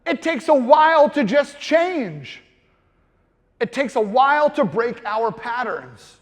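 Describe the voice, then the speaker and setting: A man's voice: extremely high pitch, big pitch swings, takes it slowly, big-room sound. A man in his thirties giving a comedic motivational keynote speech, playful and self-deprecating, acting out little voices. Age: 30s. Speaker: keynote speaker. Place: large conference hall with audience.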